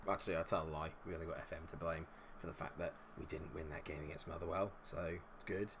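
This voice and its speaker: A man's voice: rumbling low, little pitch movement, quick pace, vocal fry, a bit bright, a little hiss or hum. A man streaming a football management game live, swearing and groaning at the match and chatting with viewers. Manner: exasperated, swears freely at the game. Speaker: gaming streamer. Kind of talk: live gameplay commentary.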